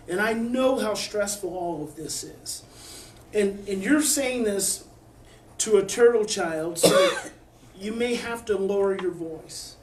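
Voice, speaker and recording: Calm man coaching parents, echoey room. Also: sits high, measured pace, slight background noise. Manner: calm coaching, drops to a soft hush when modeling words to a child. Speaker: parenting expert answering a parent. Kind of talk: parent Q&A advice. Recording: echoey room, distant mic.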